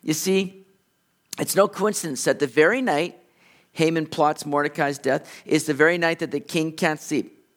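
A male pastor preaching, lively and conversational as he retells the passage. His voice sits notably high for a man. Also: normal speed. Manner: animated storytelling, conversational. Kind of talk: expository sermon.

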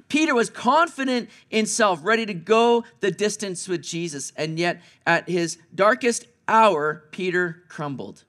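High-voiced man preaching with dramatic swings. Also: animated, a little slow, hardly any pauses. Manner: dramatic swings between hushed and raised voice. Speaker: pastor. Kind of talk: Easter sermon.

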